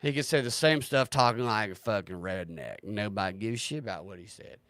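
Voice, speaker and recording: A man's voice: on the low side, lively intonation, a little fast, a bit bright, no echo. A man hosting a livestream, talking casually in a sarcastic, ranting way and swearing freely. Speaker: livestream host.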